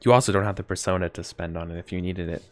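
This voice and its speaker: Low-voiced man running a tabletop game. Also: steady tone, dry recording. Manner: casual, rambling, quick apologies and self-corrections. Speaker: game master.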